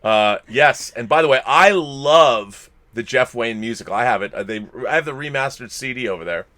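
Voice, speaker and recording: A middle-aged man co-hosts a casual live stream in a chatty, easygoing way. He reads viewer messages aloud and adds his own comments. His voice sits at an ordinary pitch for a man. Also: expressive, normal speed, bright, forceful tone. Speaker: co-host reading viewer tips.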